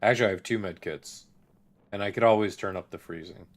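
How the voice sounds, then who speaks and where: A man's voice: lowish voice, quick pace. A man commenting as he plays a video game, thinking aloud and muttering to himself. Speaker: let's play gamer. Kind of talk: gameplay commentary.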